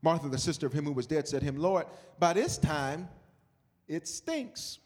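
A man preaching a sermon as pastor, moving from loud shouted calls to quiet, hushed storytelling. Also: fairly high pitch, animated, moderate pace.

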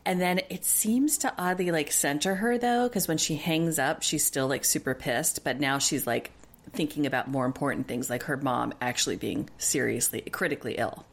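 A woman's voice: low voice, normal speed. A woman co-hosting a podcast, giving frank, conversational commentary on a show. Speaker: podcast co-host. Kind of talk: casual chat recapping a reality show.

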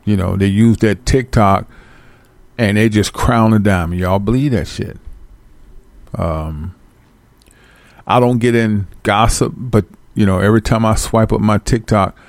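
A man giving casual, profane life advice to his viewers, acting out both sides of phone calls in slangy, animated bits. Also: fairly low pitch, measured pace, vocal fry, pauses often, no echo. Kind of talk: casual direct-to-camera rant.

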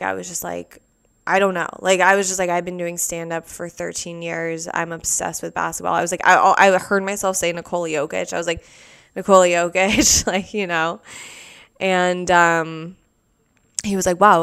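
A woman telling a personal story in a casual, animated way, full of "like" fillers, as a podcast host. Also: lowish voice, moderate pace, gravelly, clean tone.

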